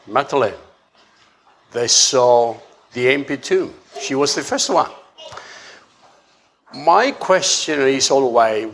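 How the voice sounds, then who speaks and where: A man preaching a sermon, halting and often repeating words as he restarts his phrases. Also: medium pitch, a bit bright.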